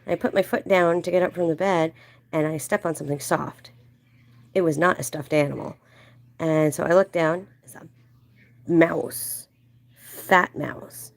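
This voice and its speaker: A woman hosting a livestream, telling a casual story in a chatty way and acting out quoted voices in a higher, playful tone. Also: fairly even intonation, unhurried, gravelly, long pauses. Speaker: livestream host.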